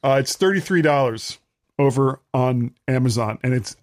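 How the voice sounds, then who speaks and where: A man's voice: medium pitch, moderate pace. A man hosting a podcast, talking about travel gadgets in an easygoing, joking way. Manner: easygoing, joking, reads specs loosely. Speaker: podcast host. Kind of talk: casual chat about gadgets.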